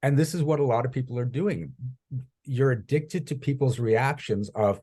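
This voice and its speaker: A man in an interview, a coach telling animated stories and acting out the voices he quotes. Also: mid-range voice, moderate pace, slightly rough. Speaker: guest coach. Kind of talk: conversational interview.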